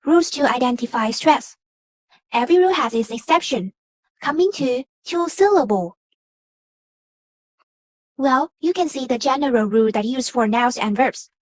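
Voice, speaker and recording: A young woman from Vietnam, a student, reading a class presentation on word stress in a measured, explanatory way. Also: high-pitched, no room sound. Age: young adult. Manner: measured, explanatory, reads from a script.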